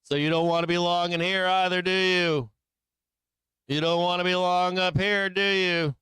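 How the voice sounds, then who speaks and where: A man hosts a live trading stream, walking through charts in a loose, slangy way and asking constant tag questions. His voice sits a little high for a man and comes across very smooth and resonant. The sound is dry and close, with no room echo. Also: steady tone, normal speed, pushed and bright. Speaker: host.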